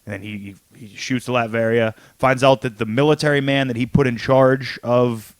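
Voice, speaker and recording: A man's voice: mid-range voice, fairly even intonation, moderate pace, no room sound. A man co-hosting a casual comics podcast, retelling a story in a loose, rambling way and acting out the lines in his own voice. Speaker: podcast co-host. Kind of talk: casual chat about comics.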